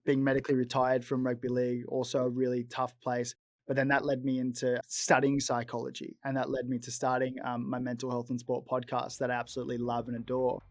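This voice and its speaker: A young man with an Australian accent talks easily in a relaxed interview, upbeat and chatty, calling people mate. His voice sits at an ordinary pitch. The recording is close and dry, with no room sound. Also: fairly quick, dry recording. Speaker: guest, former rugby league player. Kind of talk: casual interview chat.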